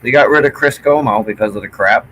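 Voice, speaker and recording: A man's voice: medium pitch, fast, a bit bright, a little hiss or hum, poor audio. A middle-aged man with a Newfoundland accent, chatting casually and swearing freely. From Newfoundland, Canada. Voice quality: gravelly, swears a lot. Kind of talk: casual chat.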